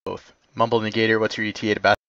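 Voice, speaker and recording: A man commanding players in an online game, giving brisk radio-style orders over a dull lo-fi voice chat. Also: on the low side, flat delivery, creaky, sharp tone, no echo. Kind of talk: game voice comms.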